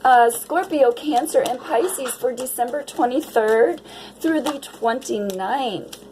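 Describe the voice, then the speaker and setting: A woman reads tarot for her viewers in a casual, dreamy way, breaking into delighted exclamations. Her voice sits a little high and her pace is slow and unhurried. A faint hiss of noise runs under the recording. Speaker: tarot reader.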